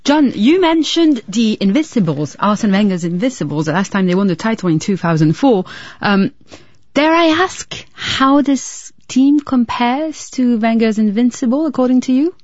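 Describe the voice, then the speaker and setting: A woman presenting live news, linking between reports in a smooth, conversational way. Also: a little high, lively intonation, normal speed, a little mellow, dry recording, muffled recording.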